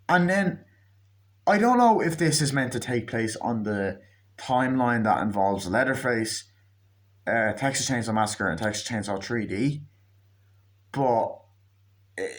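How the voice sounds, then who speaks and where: Man, casual reviewer; rambling, profane, mid-pitched, jumps into quick character impressions. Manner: rambling, profane, acts out scenes in quick mimicked voices. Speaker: movie reviewer. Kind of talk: casual spoken movie review.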